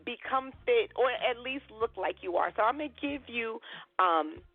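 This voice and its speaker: A woman co-hosting a casual talk show, talking in a blunt, animated way and laughing often. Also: on the high side, normal speed, dry recording. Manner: animated, blunt, laughing, puts on voices in stories. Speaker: co-host. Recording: dry, phone-like narrow sound.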